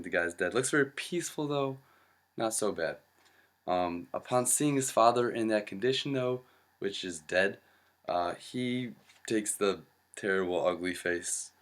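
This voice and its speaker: A young man casually pitching a comedy sketch storyboard, rambling with lots of fillers and acting out the lines. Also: fairly bright tone.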